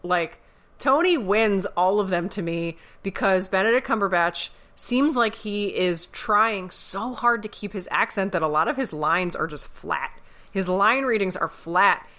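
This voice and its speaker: A woman's voice: mid-range voice, unhurried. A woman co-hosting a podcast, talking in casual, emphatic bursts full of "like". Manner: animated, emphatic ranting with frequent "like". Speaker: podcast co-host. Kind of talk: casual chat.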